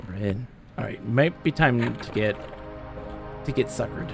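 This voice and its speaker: A man streaming a video game live, rambling along in a relaxed, joking way and chatting with the characters he meets. His voice sits at an ordinary middle pitch. Game music plays faintly behind him. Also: measured pace, gravelly. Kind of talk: casual live gameplay chat.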